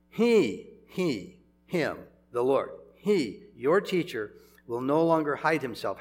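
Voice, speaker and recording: An older man preaching a sermon in a gravelly, slightly high voice. He talks in a chatty, conversational way, breaking into chuckles and then sudden emphatic swells.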